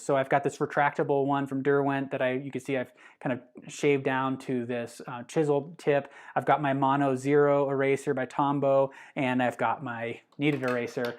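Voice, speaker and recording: An art instructor hosting a live drawing session, talking through each step in a relaxed, chatty way with many fillers and self-corrections. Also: medium pitch. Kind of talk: live drawing demonstration, thinking aloud.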